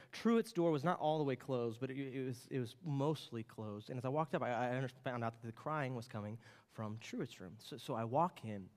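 A man in his late thirties preaching a sermon, telling a family story with an animated, storytelling manner. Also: on the high side. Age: late 30s. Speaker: pastor. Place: church sanctuary. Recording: long reverb of a church hall.

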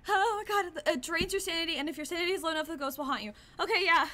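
A woman's voice: very high-pitched, rapid-fire, pushed and bright. A woman streaming a horror game, commenting live in a jumpy, easily startled way, gasping and swearing.

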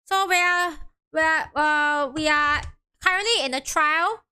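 A woman's voice: sits high, a little slow, pushed and bright. A young woman streaming a game, chatting casually, giggly and apologetic, often trailing off and repeating herself.

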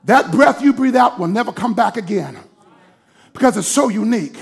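A man preaching a sermon to a congregation, calling on them to respond, moving from hushed teaching to shouted preaching. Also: high-pitched, expressive, moderate pace, gravelly, husky. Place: church sanctuary with congregation.

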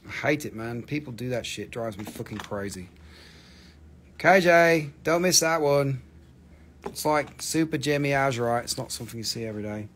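A man's voice: mid-range voice, expressive, moderate pace, a bit bright, a little hiss or hum. A man hosting a live stream that sells minerals, talking casually with lots of swearing, ranting and then joking.

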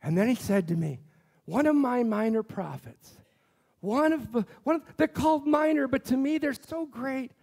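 A male pastor with a notably high voice delivers an impassioned sermon in a church. He keeps turning to the congregation with questions and pressing his point. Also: lively intonation, moderate pace, gravelly, a little mellow. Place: church sanctuary.

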